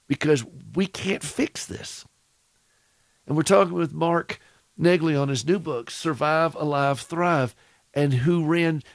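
Gravel-toned Southern male radio host. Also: on the high side, no echo. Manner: reflective, encouraging, speaks at length. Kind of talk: radio talk show.

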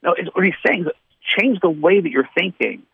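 A man's voice: sits high, expressive, a little fast, gravelly, slightly rough. A man calling in as a radio guest, telling faith stories in an earnest, rambling way with restarts, heard over a phone line. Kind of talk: testimony storytelling on radio. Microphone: telephone.

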